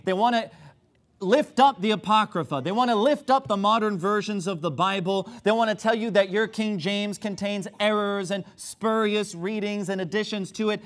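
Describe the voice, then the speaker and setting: A man preaching a sermon to a congregation, sarcastic in places and emphatic in his points. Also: sits high.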